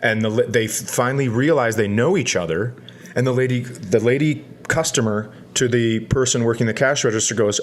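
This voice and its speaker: A man's voice: medium pitch, fairly quick, slight background noise. Self-mocking man telling a funny story. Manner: rambling, self-mocking, deadpan punchlines. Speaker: podcast co-host telling a story. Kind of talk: comedic storytelling on a podcast.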